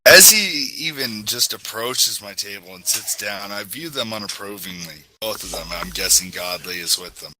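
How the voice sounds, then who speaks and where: A man's voice: on the low side, moderate pace, hardly any pauses, a crowd in the background, poor audio. A man playing a tabletop game and describing his character's actions in a rambling, casual way. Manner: rambling, laughs at himself. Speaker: player.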